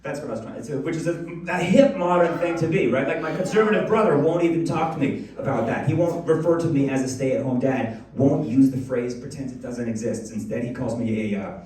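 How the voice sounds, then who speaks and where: A man's voice: mid-range voice, brisk, few pauses, recorded from a distance. A man in his thirties performing a stand-up comedy set on a club stage, telling stories and acting out quotes with a handheld mic. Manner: animated storytelling with acted-out quotes. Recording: roomy club sound, taped from afar. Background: audience laughing.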